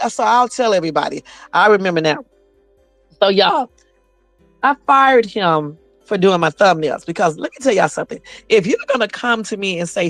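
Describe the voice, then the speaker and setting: A woman's voice: mid-range voice, animated, moderate pace, dry recording, soft background music. Sassy, blunt woman on a phone livestream. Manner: blunt, sassy, profane storytelling. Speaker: YouTube livestream host. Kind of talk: casual livestream chat.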